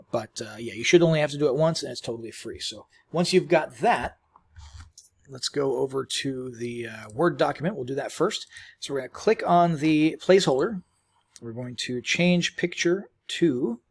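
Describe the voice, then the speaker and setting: Man, casual software tutorial, husky voice, rambling with fillers, chewing while talking. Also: on the high side. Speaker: tutorial host. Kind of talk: screen-recorded software tutorial.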